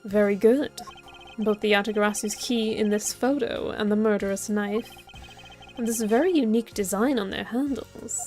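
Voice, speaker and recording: A woman voicing a calm, logical male prosecutor, reading game dialogue aloud in a measured, formal way. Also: mid-range voice, faint music behind, close to an everyday voice. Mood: reasoning.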